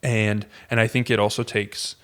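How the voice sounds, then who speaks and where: A man's voice: on the low side, flat delivery, moderate pace, fairly bright tone, clean tone. A man, a pastor, talking earnestly in casual conversation, with many fillers and restarts.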